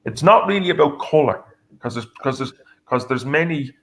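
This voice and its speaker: An Irish man talking through a casual argument on a show. He stops and restarts often, searching for words, at an ordinary pitch. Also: lively intonation, moderate pace, a bit bright. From Ireland. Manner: hesitant, many restarts and fillers. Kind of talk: casual debate chat.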